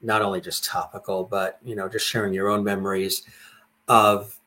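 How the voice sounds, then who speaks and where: A man's voice: lowish voice, little pitch movement, moderate pace, sharp tone. A man hosting an interview, asking long, affirming, rambling questions. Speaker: interview host.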